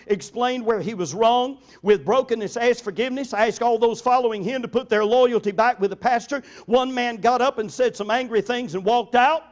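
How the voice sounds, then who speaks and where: An older man, a pastor preaching a sermon in an earnest storytelling way, slowing down to stress key points. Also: extremely high pitch. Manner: earnest storytelling, slows down for emphasis.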